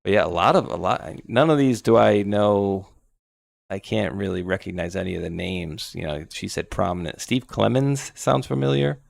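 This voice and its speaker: A man's voice: low voice, animated, moderate pace, vocal fry, no room sound. A man co-hosting a talk show, chatting loosely and rambling with sarcastic asides. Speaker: podcast co-host. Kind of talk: casual political chat.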